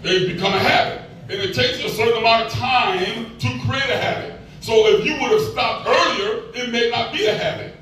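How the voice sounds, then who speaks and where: Calling out to his congregation, a sixty-something pastor delivers a folksy, call-and-response sermon. His voice is extremely high-pitched and sharp, moving at a moderate pace with few pauses. The church echoes, the mic is distant, and music plays.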